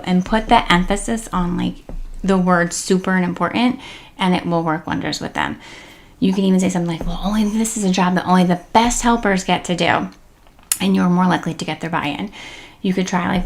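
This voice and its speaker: A woman's voice: fairly low pitch, normal speed, gravelly. A woman giving casual, chatty parenting tips as the host of a tip series, with many fillers and upbeat emphasis. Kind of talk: casual instructional talk to camera.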